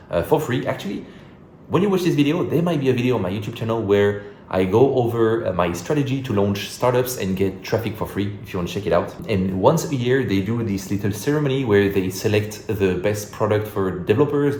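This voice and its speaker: French guy vlogging, lowish voice, upbeat and rambly, lots of uh and um. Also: a little mellow, a little hiss or hum. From France. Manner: upbeat, rambling, thinks aloud with many fillers. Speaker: solo entrepreneur vlogger. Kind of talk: casual vlog chat to camera.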